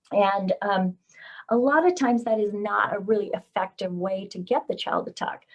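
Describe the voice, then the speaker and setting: Woman giving a lively parenting talk. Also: mid-range voice. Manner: animated when acting out parent-child examples. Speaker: speech-language pathologist.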